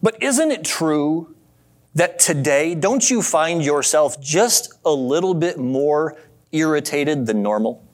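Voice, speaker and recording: A man preaching a sermon in a relaxed, conversational way, telling a story and asking his listeners questions. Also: on the high side, slow. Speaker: pastor.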